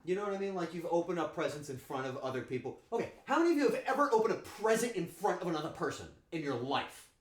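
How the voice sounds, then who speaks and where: A man's voice: a little high, fast, few pauses. A man casually chatting with his viewers on a cooking stream, playful and joking. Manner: playful, joking with chat, animated outbursts. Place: home kitchen. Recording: echoey room, faint ambience.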